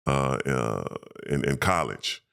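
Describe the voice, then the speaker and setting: A man, a former pro basketball player, telling emotional, animated stories as a podcast guest and acting out quoted voices. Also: very deep voice, slow, gravelly, clear, resonant tone. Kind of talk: casual storytelling interview.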